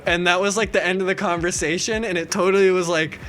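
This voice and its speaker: A young man, a podcast host, telling animated stories in casual chat, swearing and acting out quoted lines loudly. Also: high voice, fast, slight background noise.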